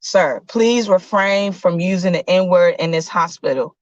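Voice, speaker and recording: A calm, formal male doctor, played by a woman telling the story, speaking politely but firmly. The recording is dry with a dull, lo-fi edge. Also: lowish voice, measured pace, dry recording, lightly acted. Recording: dull lo-fi sound.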